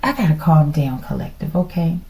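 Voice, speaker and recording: A woman's voice: deep voice, big pitch swings, fairly quick, creaky, mellow, poor audio. Hyperactive woman musing through a tarot reading. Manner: hyperactive, musing aloud, keeps saying "collective". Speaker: tarot reader.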